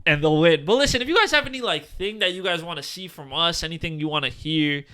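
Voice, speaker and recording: A man in his twenties co-hosting a casual podcast, rambling with lots of fillers and animated tangents. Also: a little high, fast. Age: 20s. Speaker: podcast co-host.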